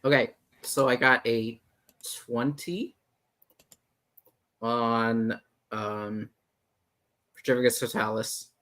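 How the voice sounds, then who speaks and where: A man's voice: mid-range voice, fairly even intonation, takes it slowly, long pauses, fairly bright tone. A man playing in a tabletop game, reading his rolls with a lot of hesitation and ums. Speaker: player. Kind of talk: casual tabletop play.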